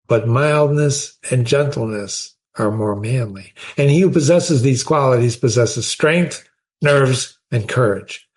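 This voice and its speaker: A man's voice: mid-range voice, a little mellow. A man hosting a show where he reads a philosophy text aloud and comments on it in an emphatic, conversational way, often asking rhetorical questions. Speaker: host reading and discussing philosophy.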